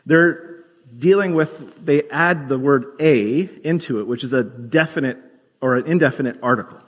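A man preaching a sermon as pastor, explaining scripture in a conversational teaching manner and slowing down to stress key words. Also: mid-range voice, muffled recording. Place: church sanctuary. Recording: long hall reverb.

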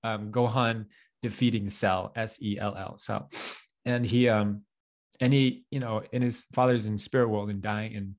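A man's voice: lowish voice, steady tone, normal speed. A young man co-hosting a podcast, chatting casually, rambling with lots of fillers and little laughs. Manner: rambling, self-deprecating, laughs often, many fillers. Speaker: podcast co-host.

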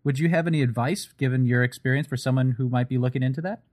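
A man, the host, asking measured, thoughtful interview questions. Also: medium pitch, a little mellow.

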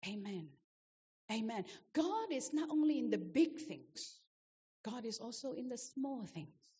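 A woman's voice: a little high, lively intonation, measured pace, warm tone, muffled recording. Emphatic woman preacher in a reverberant hall. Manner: emphatic, repetitive exhortation, rhetorical questions to the congregation. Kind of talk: sermon.

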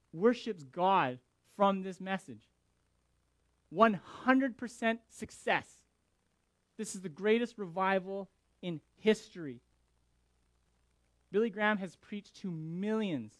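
A male pastor preaching a sermon, animated and emphatic with dramatic pauses. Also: sits high, no echo.

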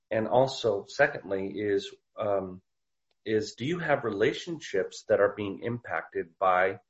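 Man preaching, low voice, halting restarts, dull lo-fi recording. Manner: storytelling, halting with many restarts. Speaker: preacher and author. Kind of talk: casual teaching talk. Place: Portland area.

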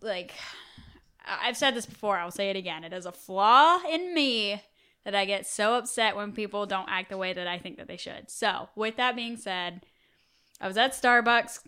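A young woman co-hosting a casual podcast, telling stories in a blunt, profane, animated way. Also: mid-range voice, normal speed, clear, resonant tone. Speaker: podcast co-host. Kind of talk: casual chat.

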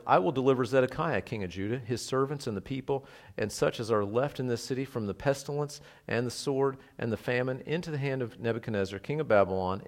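A man preaching an expository Bible study, conversational and emphatic, who leans into quoted lines with dramatic emphasis. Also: medium pitch. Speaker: pastor.

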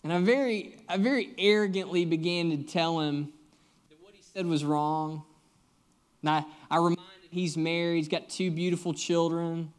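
A man's voice: on the high side, fairly even intonation, normal speed, clean tone. A young man, a guest pastor preaching a sermon, telling stories and joking with the congregation in a conversational way.

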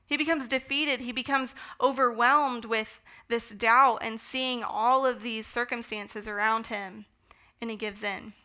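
A woman giving a conversational Bible teaching, enthusiastic and relaxed, with the odd filler. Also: a little high, measured pace. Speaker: speaker teaching a Bible study. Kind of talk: sermon-style Bible teaching.

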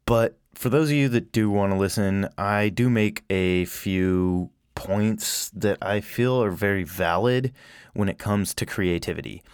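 A man's voice: on the low side, unhurried, clear, resonant tone, no echo, studio quality. A man giving a blunt, heated warning at the start of his podcast, poking fun at himself. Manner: blunt, heated, self-mocking. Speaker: podcast host. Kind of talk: spoken warning intro.

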